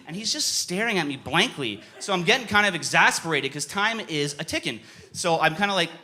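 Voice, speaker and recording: Animated young man doing stand-up. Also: a little high, a little fast, a little hiss or hum. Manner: animated, yelling bursts in acted-out stories. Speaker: stand-up comedian. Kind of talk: stand-up comedy set. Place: comedy club stage. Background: audience laughter.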